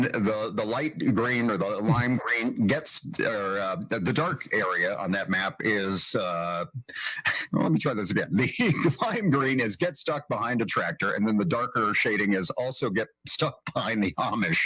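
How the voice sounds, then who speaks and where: Chuckling husky radio host. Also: male voice, fairly low pitch, lively intonation, moderate pace, fairly bright tone, no echo, poor audio. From Northeast Indiana. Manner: amused, chuckling often while reading. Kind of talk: casual radio chat.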